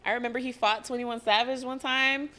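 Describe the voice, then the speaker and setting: A woman's voice: on the high side, fairly even intonation, fairly quick, bright, forceful tone. A young woman hosting a solo podcast, telling a personal story candidly, swearing freely and close to tears at times. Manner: candid, swears freely, laughs and nearly cries. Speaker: podcast host.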